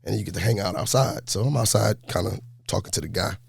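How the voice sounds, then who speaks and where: A gravelly, lowish male voice, a coach in his forties telling his own story in a relaxed, lively way. The sound is dry and close. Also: quick pace, dry recording. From New York. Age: 40s. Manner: laid-back, animated storyteller. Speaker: high school basketball coach. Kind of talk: storytelling in an interview.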